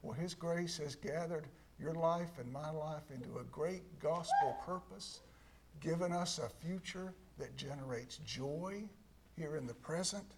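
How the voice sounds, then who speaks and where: Slow, emphatic male pastor preaching. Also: fairly high pitch, noisy background. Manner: slow and emphatic, repeating key words, dropping to a hush. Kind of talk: sermon.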